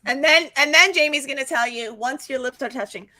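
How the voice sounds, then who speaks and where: A woman co-hosting a casual chat, adding quick quips and asides. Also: high-pitched, sharp tone. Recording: crowd noise behind.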